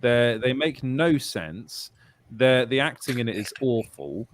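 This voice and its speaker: A man's voice: medium pitch, measured pace, no room sound. A man co-hosting a casual live show, ranting, stammering and laughing often. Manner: animated ranting with frequent laughter, stammering restarts. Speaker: co-host.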